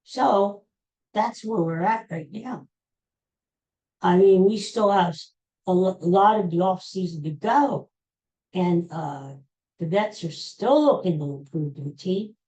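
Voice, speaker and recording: A woman's voice: fairly low pitch, takes it slowly, dark tone, muffled recording. A woman hosting a podcast, delivering an exasperated, sarcastic solo sports rant. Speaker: podcast host.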